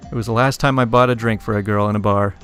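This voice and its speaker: A man's voice: on the low side, steady tone, fast, a bit bright. Man reading internet stories with wry asides. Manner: chuckles between stories, adds wry asides. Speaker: story reader. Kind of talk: casual narration of internet stories. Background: faint music.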